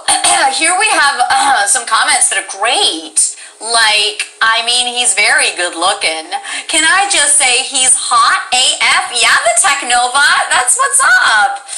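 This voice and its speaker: A woman's voice: a little high, expressive, slow, hardly any pauses, bright, forceful tone, poor audio. Bubbly, chatty woman livestream host. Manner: bubbly, chatty, swears casually. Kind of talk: casual livestream chat.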